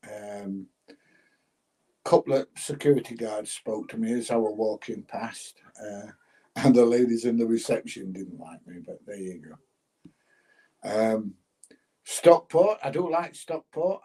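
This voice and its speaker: A man's voice: medium pitch, dark tone, rough recording. An older man casually chatting on a livestream, reading out viewer comments and laughing as he goes. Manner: chatty, laughs often, plain-spoken. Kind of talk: casual chat.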